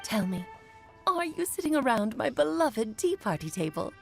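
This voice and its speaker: A woman's voice: fairly high pitch, big pitch swings, normal speed, vocal fry, darkish tone, faint music behind. A woman voicing a grand, playful female mage in a video game, with a theatrical, teasing storyteller's manner.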